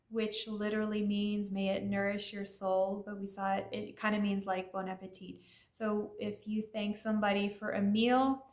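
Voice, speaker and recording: A woman explains vocabulary to her learners in a friendly, patient way, dropping in casual fillers as she goes. Her voice sits at a middle pitch. The room around her gives a noticeable echo. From Iranian family. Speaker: language teacher.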